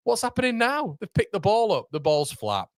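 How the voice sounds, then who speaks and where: A man hosts a live football watchalong, high-voiced and talking at normal speed. Excitable, he yells at the players, then chats easily with viewers using British slang such as mate and lads. The recording is dry and close, with no room sound at all.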